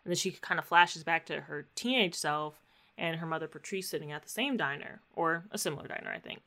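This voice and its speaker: A woman with a bright, forceful voice sitting a little low in pitch, chatting casually. She retells scenes in a lively, slangy way. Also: fairly quick. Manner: animated, slangy storytelling with acted-out quotes. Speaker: podcast co-host recapping a show. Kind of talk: casual chat.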